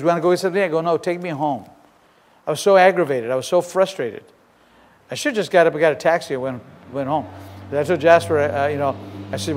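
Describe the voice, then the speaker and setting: Male pastor, high-pitched, animated storyteller; long church reverb. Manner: storytelling, animated, swings between loud and hushed. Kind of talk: sermon. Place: church sanctuary. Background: congregation shouting.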